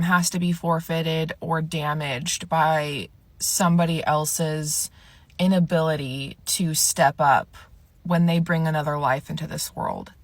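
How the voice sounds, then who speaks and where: A woman speaking haltingly with many fillers in a personal social media video. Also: lowish voice, no echo.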